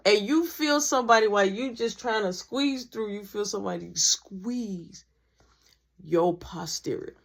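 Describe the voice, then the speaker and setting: A woman telling a school story in a slangy, animated storytime style, acting out the dialogue. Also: medium pitch, a little slow, creaky. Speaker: vlogger. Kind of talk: storytime narration.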